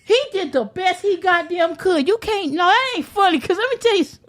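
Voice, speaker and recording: A young woman, a podcast guest, ranting in loud, brash, profane casual chat and laughing as she goes. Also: very high voice, expressive, fairly quick.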